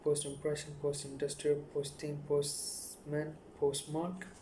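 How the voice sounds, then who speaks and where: A man reading dictionary headwords aloud one after another in a rapid, monotone list. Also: on the high side, a little hiss or hum. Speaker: youtuber.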